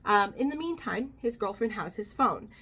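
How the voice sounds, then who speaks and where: A woman's voice: medium pitch, lively intonation, moderate pace, sharp tone, husky. A young woman vlogger casually telling a personal story, candid and full of fillers. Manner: candid, many fillers, quotes others in her own voice.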